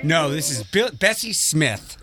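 A man's voice: on the high side, very animated, measured pace, over loud music. A man hosting a morning radio show, bantering with co-hosts and reading local news in an upbeat way.

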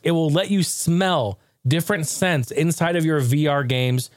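Male host for a casual tech chat: profane and animated, laughs a lot, slightly high voice, recorded dry. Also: moderate pace, few pauses, dry recording.

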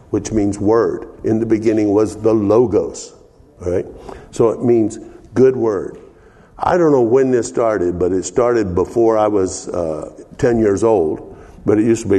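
A man's voice: on the low side, warm tone, long reverb tail. An older man preaching a folksy sermon as pastor, calling out to the congregation for amens.

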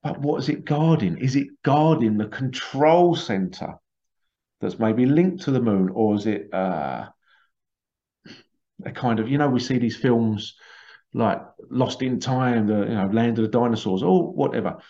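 A man with a mid-range, mellow voice speaks a little slowly and expressively, spinning a long, meandering story full of restarts and acted-out quotes. It's casual conspiracy talk told as storytelling, captured with dull, lo-fi sound.

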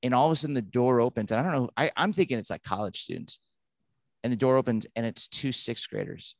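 A man in his thirties or forties, a pastor, tells a personal story in an interview. He acts out every quoted line with lively energy. The recording is close and dry. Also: mid-range voice, fast talker, no echo. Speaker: pastor and author.

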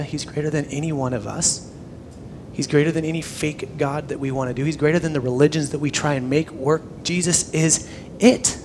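A young man preaching a sermon, animated, swinging from loud emphasis to hushed near-whispers. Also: fairly high pitch, slight background noise. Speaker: pastor.

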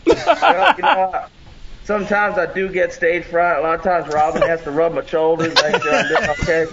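A man playing a stiff, rambling male fishing champion on a comedic call-in, halting and deadpan. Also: fairly high pitch, natural voice. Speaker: caller impersonating a bass fishing pro. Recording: dull lo-fi audio with crowd noise.

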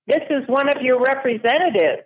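A woman's voice: high-pitched, brisk, a crowd in the background. A woman caller on a phone line, blunt and irritated. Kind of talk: phone call.

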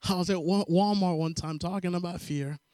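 A man preaching a sermon, telling a personal story with lively acted-out voices and calling for amens. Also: high-pitched, brisk, dry recording, studio quality. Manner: animated storytelling, acts out voices, call-and-response amens. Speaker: pastor.

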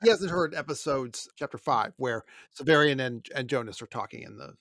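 A man co-hosting a book discussion podcast, animated and pushing back with questions. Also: medium pitch, fairly quick. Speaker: podcast co-host.

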